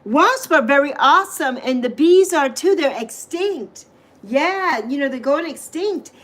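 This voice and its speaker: A woman's voice: high voice, animated, unhurried. A middle-aged woman, hosting a casual livestream, chatting animatedly and reacting to viewer comments with emphatic exclamations. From U.S. Virgin Islands. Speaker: livestream host.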